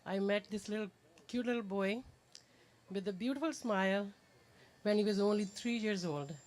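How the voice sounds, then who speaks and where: An older woman reading a tender, measured birthday speech at a party as a mother figure. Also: medium pitch, darkish tone. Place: party venue.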